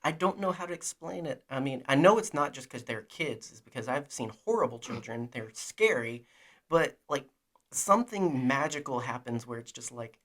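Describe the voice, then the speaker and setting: A man's voice: medium pitch, expressive, normal speed, fairly bright tone. A man co-hosting a podcast, chatting casually and enthusiastically, rambling and poking fun at himself. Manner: rambling, enthusiastic, self-deprecating. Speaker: podcast co-host. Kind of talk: casual chat about a TV show.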